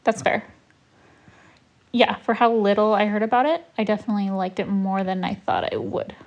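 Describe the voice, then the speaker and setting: A woman's voice: medium pitch, a little mellow, muffled recording. A woman co-hosting a podcast, casually and firmly giving her opinions on a movie. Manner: opinionated, quick to disagree and tease. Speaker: podcast co-host. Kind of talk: casual chat reviewing a movie.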